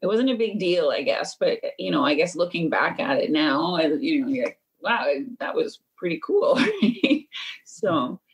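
A woman's voice: sits low, animated, a little slow, poor audio. A woman guest recalling her childhood in a chatty, rambling way, laughing between thoughts. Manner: chatty, laughing, many 'like's. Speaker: interview guest. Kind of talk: casual interview recollection.

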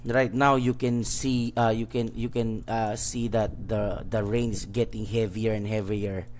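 A man's voice: on the low side, flat delivery, measured pace, darkish tone, slight background noise. Hesitant male game master, narrating. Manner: hesitant, many fillers.

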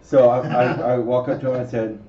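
A man co-hosting a podcast, telling an animated, profane story and acting out what people said. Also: mid-range voice, fast talker. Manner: animated, profane, acts out quotes. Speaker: podcast co-host. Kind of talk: casual storytelling chat. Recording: roomy, distant, dull lo-fi mic.

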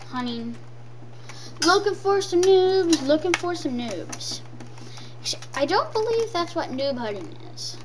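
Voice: high-pitched, a bit bright. A gameplay commentator talking in a silly, sing-song way and repeating lines over and over. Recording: distant from the mic, faint noise.

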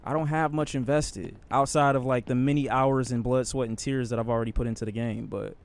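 A man's voice: mid-range voice, fairly even intonation, fairly quick, vocal fry. Man, streamer, casual gameplay chatter, slangy, sighing, mutters, mid-range voice. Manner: loose slangy talk with sighs, muttering under his breath. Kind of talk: casual live-stream commentary while gaming.

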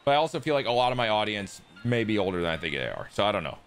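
A young man giving casual, excitable commentary on his own gameplay, jumping between loud outbursts and muttered self-deprecating asides. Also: on the low side, racing, faint music behind. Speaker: gaming YouTuber.

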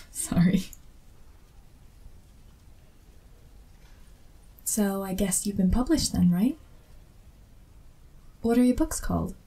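A woman's voice: medium pitch, creaky, warm tone, husky, exaggerated voice. A woman voicing an awkward young female fan who meets her favorite author, in a whispered role-play with self-deprecating, apologetic chatter. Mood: shy chatty.

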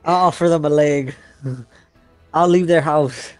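A young man in casual gaming chat, easygoing and quick to laugh. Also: fairly high pitch, a little mellow, soft background music. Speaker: gamer.

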